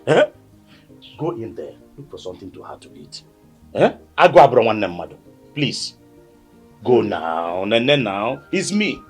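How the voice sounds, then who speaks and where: A worn-out husband with a Nigerian accent, coaxing and pleading over and over for peace, his pitch swinging widely. Clear music plays behind him as in a film. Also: sing-song, measured pace, long pauses, exaggerated voice. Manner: pleading, soothing, repetitive. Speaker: husband and brother. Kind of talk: Nollywood film acting.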